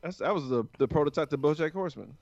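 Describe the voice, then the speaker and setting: A man's voice: fairly high pitch, expressive, fast, darkish tone, dry recording. A man from the United States, co-hosting a podcast in casual chat, rambling and swearing a lot. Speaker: podcast co-host. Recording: dull lo-fi sound, dry.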